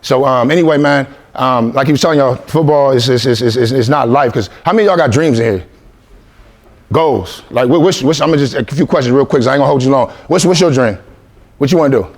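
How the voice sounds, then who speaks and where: A man's voice: medium pitch, quick pace. A man in his forties from Columbus, Ohio, giving a motivational talk to young athletes, coaxing and repetitive with call-and-response lines. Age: 40s. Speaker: motivational speaker.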